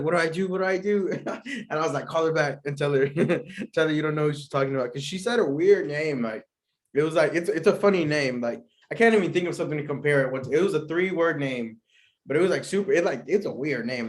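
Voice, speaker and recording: A young man with a somewhat high voice tells a long story on his podcast. He rambles along with plenty of slang and fillers and often breaks into laughter. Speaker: podcast host. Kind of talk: casual storytelling.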